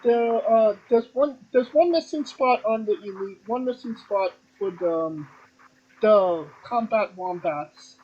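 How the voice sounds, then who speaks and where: A man's voice: very high-pitched, moderate pace, hardly any pauses. A man co-hosting a podcast, reading through wrestling news in a rambling way, full of ums. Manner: rambling, filler-heavy delivery with frequent ums. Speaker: podcast co-host. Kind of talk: casual wrestling news chat. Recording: dull lo-fi audio with clear noise.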